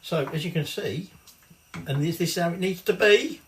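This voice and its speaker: A man's voice: on the high side, normal speed, distant mic, a little hiss or hum. A middle-aged man with a Northern English accent, chatting his way through a cooking tutorial in his home kitchen and swearing casually. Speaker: home cook. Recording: echoey kitchen from off-mic.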